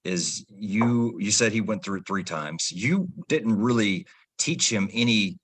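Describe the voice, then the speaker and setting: Low-voiced man in his forties hosting. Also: lively intonation, takes it slowly, fairly bright tone. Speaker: podcast host, firefighter. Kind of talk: casual interview talk.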